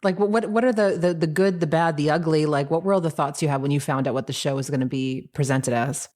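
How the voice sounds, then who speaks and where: Chatty woman host with a lowish voice. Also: fast, a little mellow. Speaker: podcast host. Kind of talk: casual interview chat.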